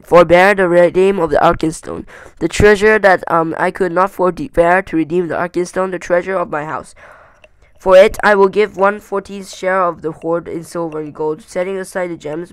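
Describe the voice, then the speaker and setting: A home reader voicing a proud, angry dwarf king who shouts and stumbles over words. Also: medium pitch, smooth, no echo, close to an everyday voice.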